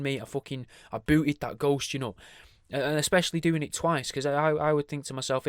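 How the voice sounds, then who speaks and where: A man hosts a solo podcast, chatting casually in a rambling, sweary monologue full of asides and restarts. His mid-range voice is smooth, recorded studio quality with no echo.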